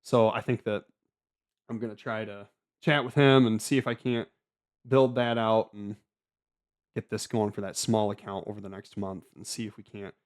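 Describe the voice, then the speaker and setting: A man hosts a casual solo trading recap, rambling with frequent stammers, restarts and filler words. His voice is on the low side, steady in tone, at a moderate pace.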